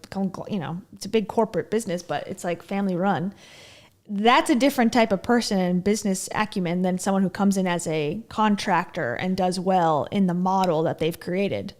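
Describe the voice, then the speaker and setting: A woman's voice: medium pitch, darkish tone. A woman hosting a casual reaction video, making dry, sceptical asides about the clips she plays. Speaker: commentary video host.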